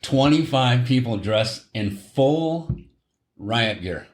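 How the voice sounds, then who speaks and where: Slow and expressive, with a medium pitch, a middle-aged man tells a long story on his podcast. It's a casual storytelling chat where he rambles, corrects himself and laughs at his own tale, heard with a roomy echo.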